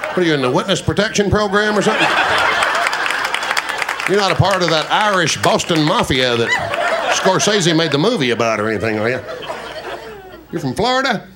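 A man on a live stage teases his crowd in folksy, joking banter. His voice sits high and swings widely as he spins his stories. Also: big pitch swings, brisk, pauses often, very noisy. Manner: joking, teasing, folksy storyteller. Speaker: country singer performing on stage.

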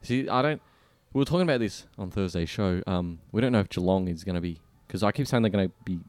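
Young Australian male co-host, very low voice, relaxed with fillers, dry sound. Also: quick pace, no room sound. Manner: laid-back, hesitant, lots of fillers. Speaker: sports radio co-host. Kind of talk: casual sports chat.

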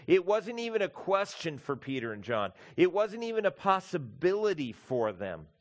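A man preaching a sermon as pastor, emphatic and building through lists of repeated words, addressing the congregation as folks. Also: medium pitch.

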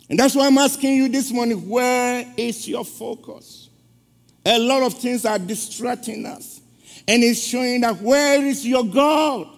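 A man's voice: high-pitched, vocal fry. A man preaching a sermon in a church, telling an emotional story and calling out questions to the congregation. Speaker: guest preacher. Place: church sanctuary. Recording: long church reverb.

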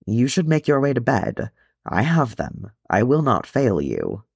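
A man reading the part of a ghostly male dwarf king who is gruff but tender, speaking softly. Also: mid-range voice, wildly swooping pitch, unhurried, no room sound, studio quality, full character voice. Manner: soft, tender.

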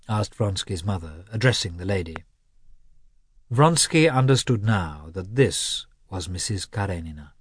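Expressive male audiobook narrator. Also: sits low, breathy edge, no room sound, clean studio sound. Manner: expressive, measured storytelling. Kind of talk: classic novel narration.

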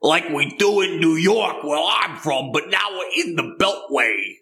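A man voicing a gruff, pushy New York bartender with a Brooklyn accent, speaking brusquely in a comedy sketch. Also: a little high, animated, measured pace, bright, forceful tone, pitched above the performer's own voice, exaggerated voice.

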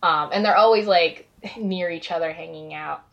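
A woman chatting casually as a podcast co-host, talking fast with lots of filler words. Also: lowish voice, creaky, lo-fi sound. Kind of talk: casual fan chat.

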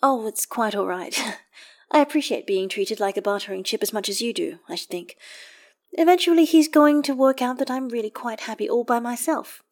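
A woman voicing a shy young woman with a sweet, quiet voice, reading fan fiction aloud. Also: fairly high pitch, normal speed, voice pushed up, natural voice. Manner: soft, gentle, quiet.

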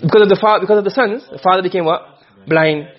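A man teaches Arabic rhetoric lecture-style, questioning his students rapidly and restating what he explains. His voice sits high and his delivery is fast, and the recording's highs are cut off.

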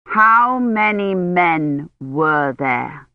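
A woman doing a slow, loud, over-distinct knight. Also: deep voice, no room sound, highs cut off.

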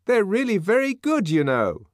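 A man's voice: sits high, huge pitch swings, moderate pace, no room sound, studio quality, voice pushed up. A man voicing a nervous, placating male tourist who offers snacks eagerly.

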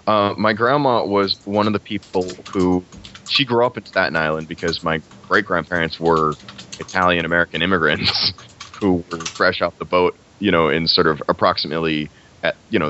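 Brief: young man, low voice, loose rambling podcast talk, muffled lo-fi audio. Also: normal speed, bright, forceful tone, a little hiss or hum. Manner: rambling, frequent restarts and laughs. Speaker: guest actor. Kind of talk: casual podcast chat. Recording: lo-fi muffled recording.

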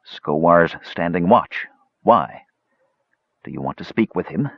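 A man voicing a humble half-elf man who speaks gently and softly, as in an audiobook. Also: deep voice, animated, slow, breathy edge, no room sound, muffled recording, heavily acted. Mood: gentle. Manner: gentle, soft-spoken. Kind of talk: audiobook narration.

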